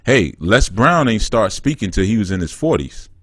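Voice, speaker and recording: Low-voiced joking New man. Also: sing-song, normal speed, fairly bright tone, dry recording. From New York. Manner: teasing, joking, laid-back slang. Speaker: spiritual counselor and show host. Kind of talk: casual call-in banter.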